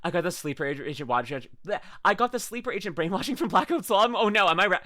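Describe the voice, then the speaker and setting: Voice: medium pitch, sing-song, bright, forceful tone. A streamer rambling goofily and riffing while reacting to videos in casual live chat. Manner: goofy, rambling, quick to laugh and riff.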